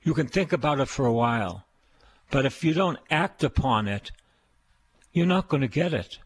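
A man's voice: medium pitch, lively intonation, normal speed, husky, no echo. An older man with a Boston accent, preaching a radio sermon in an emphatic, repetitive style. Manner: repetitive, emphatic preaching with call-and-response praise.

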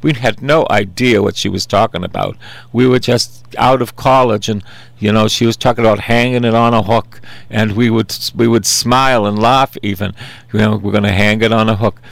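A man's voice: lowish voice, steady tone, normal speed, gravelly, no room sound. A man in his sixties preaching a sermon in an earnest, conversational way, repeating simple refrains.

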